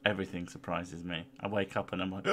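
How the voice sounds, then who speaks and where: Brief: male podcast host, very low voice, dry teasing banter. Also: pushed and bright. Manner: dry, teasing, mock-exasperated. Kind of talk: casual chat.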